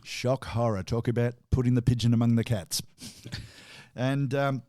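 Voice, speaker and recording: An Australian man talks through music history in casual chat, chuckling and restarting his sentences as he goes. His voice sits at an ordinary middle pitch. It is recorded close and dry, with no room sound. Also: fairly even intonation, a little slow, dark tone, dry recording. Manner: chatty, chuckling, many restarts. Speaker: radio co-host.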